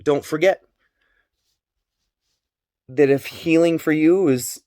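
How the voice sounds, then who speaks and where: A man's voice: fairly high pitch, slow, mellow, no echo, studio quality. A man talking straight to his audience in a personal vlog, emphatic and repetitive, swearing openly. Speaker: vlogger. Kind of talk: personal monologue on family abuse.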